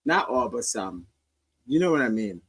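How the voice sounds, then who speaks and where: A man's voice: medium pitch, big pitch swings, normal speed, a bit bright, slightly rough, poor audio. A man hosting a casual commentary stream, reacting to social media clips in a rambling, sardonic way with many restarts.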